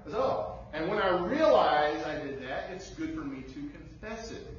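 A man's voice: a little high, animated, normal speed, a little hiss or hum. A male pastor giving a conversational sermon, acting out bits of dialogue as he preaches in a church sanctuary. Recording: very echoey hall, distant, dull lo-fi.

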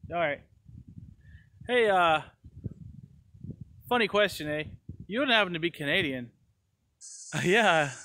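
A man with a high, ringing voice runs through a comedy sketch on his own, firing short lines back and forth. He keeps tacking a friendly "eh" onto his sentences. The sound is close and dry, with no room around it. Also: pushed and bright, no echo. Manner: quick back-and-forth chatter, tags lines with a drawn-out "eh". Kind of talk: comedy sketch, playing several people in turn.

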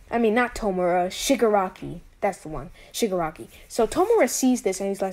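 A woman's voice: medium pitch, animated, moderate pace, dark tone. A young woman casually telling a fan what-if story, rambling with many fillers and restarts.

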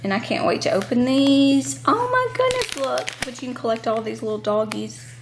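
A woman's voice: on the high side, moderate pace, creaky, background noise. A woman in her thirties from the Southern United States with a Southern US accent, chatting casually to the camera at home as a mom vlogger, rambling with lots of ums and asides.

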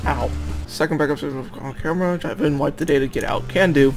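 A man's voice: fairly high pitch, fairly quick, darkish tone, soft background music. A young man hosting his gaming channel, chatting casually and joking as he plays through a game at home, with a fish tank fountain trickling faintly behind him. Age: young adult. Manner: chatty, joking asides, reads game text aloud under his breath. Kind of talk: casual let's play commentary. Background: faint fish tank water trickling.

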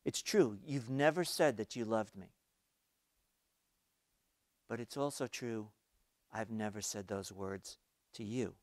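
A man voicing a young son who speaks quietly and earnestly to his father in a sermon illustration. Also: on the low side, takes it slowly, long pauses, no echo, studio quality. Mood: pleading.

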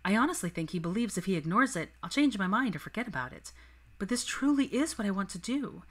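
A woman reading the lines of a refined, headstrong young witch in a crisp, determined manner. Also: medium pitch, expressive, fast talker, a bit bright, pitched above the performer's own voice. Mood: frustrated.

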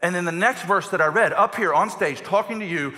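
A man pastor preaching a sermon from a church stage, animated and emphatic, often repeating phrases for effect. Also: sits high, brisk. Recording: long hall reverb of a church.

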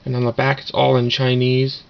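Man with a gravelly voice, rambling unboxing. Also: medium pitch, completely flat delivery, normal speed. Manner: rambling, offhand, filler-heavy. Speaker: vlogger doing an unboxing. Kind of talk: casual unboxing commentary. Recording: dull lo-fi camera audio with noise.

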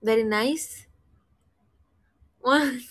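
A woman's voice: a little high, very slow. A woman co-hosting a livestream, playing a word-guessing game playfully and laughing often. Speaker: livestream co-host.

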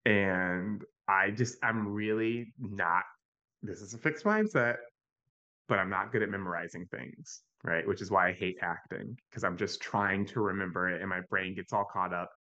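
A man speaking as a podcast guest in an animated, conversational way. He tells stories and often checks in with a quick "right?". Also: deep voice, lo-fi sound. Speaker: podcast guest, youth mental health advocate. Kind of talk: conversational storytelling.

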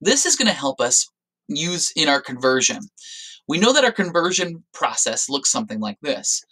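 A man's voice: a little high, very animated, moderate pace, bright, forceful tone, low-quality recording. A man teaching a recorded science lesson, explaining step by step and stressing key words. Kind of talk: recorded classroom lecture.

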